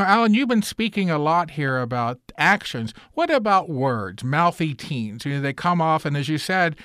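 A man, a priest who hosts a radio show, asking his guest long, measured questions. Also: on the high side, a bit bright, clean tone, no room sound. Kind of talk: radio interview host.

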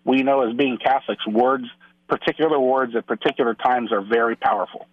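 A man's voice: medium pitch, steady tone, fairly quick, no room sound, narrow, tinny audio. Man telling stories on a phone-in show. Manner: storytelling, acts out quoted dialogue, many restarts. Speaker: guest on a Catholic radio show. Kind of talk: casual radio interview talk.

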